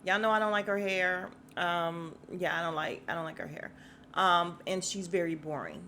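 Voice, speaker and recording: A woman's voice: on the low side, normal speed, sharp tone, slight background noise. A young woman from Chicago hosting a podcast, giving a blunt, sassy recap of a reality dating show and talking straight to her listeners. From Chicago, USA. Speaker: podcast host.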